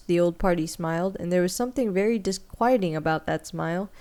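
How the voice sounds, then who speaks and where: A woman's voice: lowish voice, fairly quick, few pauses, dark tone. A woman co-hosting a book club podcast, talking casually with lots of fillers and reading passages aloud. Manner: chatty, many "like" fillers, reads passages aloud. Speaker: podcast co-host.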